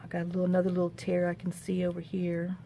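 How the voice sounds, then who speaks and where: A woman's voice: lowish voice, completely flat delivery, fast talker, creaky, mellow, a little hiss or hum. A middle-aged woman, chatting folksily with her viewers while she glues and trims a craft project at home, often talking to herself as she works. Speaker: craft vlogger. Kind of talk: casual chat while crafting.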